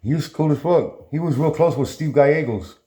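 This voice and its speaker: A man's voice: fairly high pitch, moderate pace, mellow. A man in casual chat, blunt and terse, full of slang. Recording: echoey room, faint noise.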